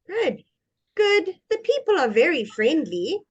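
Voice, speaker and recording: Her voice is extremely high and sing-song, and the recording is muffled. She's giving a private English lesson, unhurried and patient, showing her student the right intonation.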